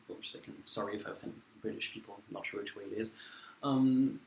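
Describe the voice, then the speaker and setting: A man in his twenties, not an English speaker, chats casually and self-deprecatingly with plenty of fillers through a mukbang vlog. His medium-pitched voice is creaky at a moderate pace. The echoey room has faint ambience and a little hiss or hum.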